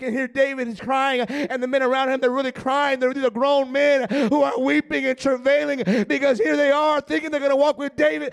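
A male pastor delivering a sermon in a strikingly high voice with a gravelly edge. He fills his pauses with "uh" and swings between hushed passages and shouted peaks. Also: level tone.

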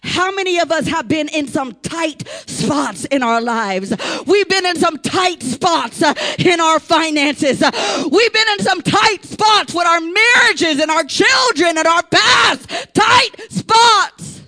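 A woman preacher delivering an impassioned sermon, rising into shouts and urging the congregation to respond. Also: very high-pitched, expressive, slow pace, hardly any pauses.

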